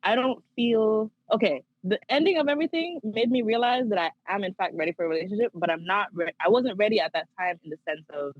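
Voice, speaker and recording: A woman's voice: mid-range voice, fast, hardly any pauses, no echo. Young woman guest, slightly dull sound. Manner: reflective storytelling, laughs easily, acts out her own quotes. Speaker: podcast guest. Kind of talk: casual chat.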